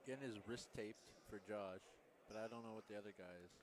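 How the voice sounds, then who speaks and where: A man giving relaxed, joking color commentary at a college basketball game. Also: lowish voice, fast talker, a little hiss or hum. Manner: laid-back, joking.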